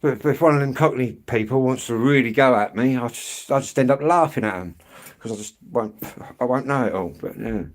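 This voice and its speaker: English guy, live-stream walk-and-talk, rambling and chatty, mid-pitched, keeps clearing his throat. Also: brisk, hardly any pauses. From England. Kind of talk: casual live-stream chat answering viewers. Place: outdoors on an evening street walk.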